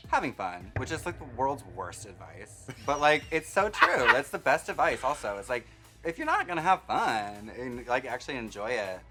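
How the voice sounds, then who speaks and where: A man's voice: mid-range voice, very animated, moderate pace, over loud music. A man in his thirties, a guest in a casual chat, wry and self-deprecating. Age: 30s.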